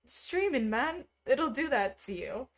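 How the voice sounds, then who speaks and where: A young woman streaming, chatting casually with her viewers, reading their messages aloud and laughing often. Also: measured pace. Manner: chatty, reads chat aloud, laughs often, lively pitch swings. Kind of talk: casual chat with live chat.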